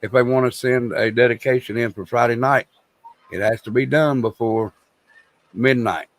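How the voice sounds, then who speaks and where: A man with a gravelly voice banters crudely and jokes in a drawl on a casual livestream. The sound is dry, close and without room echo. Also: medium pitch, fairly even intonation, normal speed. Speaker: livestream co-host.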